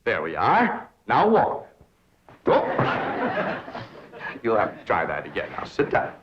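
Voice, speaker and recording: A man's voice: on the low side, wildly swooping pitch, slow, highs cut off, heavily acted. An actor playing a pompous, theatrical young rich man who talks in a grandiose, affected, overenunciated way, on a hissy 1960s TV soundtrack. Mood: coaching.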